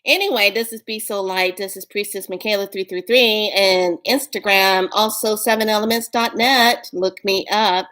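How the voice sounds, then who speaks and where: A woman chatting straight to her viewers about spiritual practice. She sounds playful and affectionate, laughs easily and often, and closes with warm sign-offs. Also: medium pitch, fairly even intonation, normal speed, few pauses. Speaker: spiritual vlogger. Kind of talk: casual spiritual chat to viewers.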